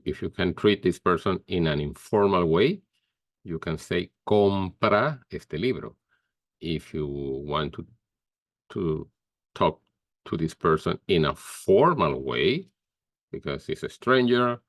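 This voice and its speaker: Slow, deep-voiced male teacher. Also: no echo, studio quality. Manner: slow, careful explaining with pauses and fillers. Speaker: Spanish teacher. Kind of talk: grammar lesson.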